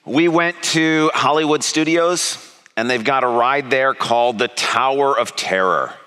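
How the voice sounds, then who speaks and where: A middle-aged man preaching, telling a personal story with animated, self-mocking delivery as he acts out his own panic. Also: medium pitch, a little slow, clean tone. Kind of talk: sermon storytelling.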